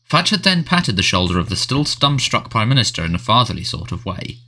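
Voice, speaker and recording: A man narrating a storybook in a measured, expressive reading. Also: lowish voice. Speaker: audiobook narrator.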